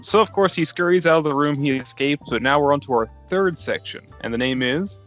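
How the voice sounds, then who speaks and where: A man's voice: fairly high pitch, fairly quick, a bit bright, faint music behind. A man co-hosting a casual beer-and-movie podcast, talking loosely with lots of "like" and frequent laughs. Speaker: podcast co-host. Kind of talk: casual movie chat over beers.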